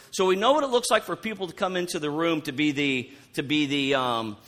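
A man's voice: on the high side, a bit bright. A man preaching a conversational sermon, who often repeats words and asks his listeners questions. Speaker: pastor.

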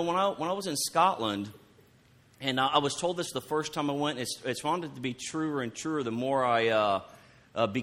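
A man's voice: a little high, sharp tone. A man preaching a conversational sermon, who often repeats words and asks his listeners questions. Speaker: pastor.

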